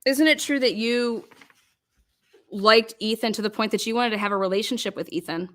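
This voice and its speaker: Woman, bright forceful voice, a bit high, rapid-fire mock cross-examination. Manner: rapid-fire pointed questioning. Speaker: commentator.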